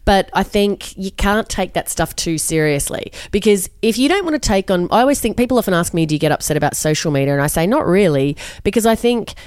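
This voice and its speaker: A woman's voice: mid-range voice, big pitch swings, a little fast, few pauses, a little mellow, clear, resonant tone, dry recording, studio quality. A middle-aged woman, a journalist guest, talking frankly and bluntly in an interview, often restarting her sentences. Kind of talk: candid interview conversation.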